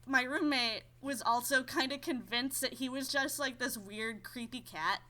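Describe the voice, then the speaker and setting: A woman's voice: high voice, normal speed, bright, forceful tone. A young woman co-hosting a podcast, chatting casually in a rambling, giggly way with lots of "like". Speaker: podcast co-host. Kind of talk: casual chat.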